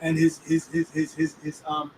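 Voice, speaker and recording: A man hosts a casual chat on the weekly Torah portion in a completely flat, fairly high voice at a moderate pace. He uses street slang and often checks that the listener is following, recorded on a distant mic inside a moving car with faint road noise.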